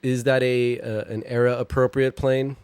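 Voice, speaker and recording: A man's voice: mid-range voice, little pitch movement, measured pace, a little mellow, clean tone, no room sound. A man co-hosting a casual movie commentary, wry and curious, asking questions and tossing in jokes. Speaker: podcast co-host.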